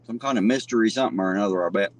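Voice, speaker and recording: A man's voice: lowish voice, racing, poor audio. A man hosting a live stream, joking casually with viewers and greeting them by name while he eats. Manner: eats and talks between bites. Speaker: livestream host.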